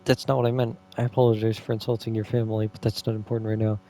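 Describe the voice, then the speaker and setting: A man's voice: on the low side, flat delivery, rapid-fire, warm tone, close to an everyday voice. A man reading aloud the lines of a polite, anxious neighbour issuing warnings in a game. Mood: earnest.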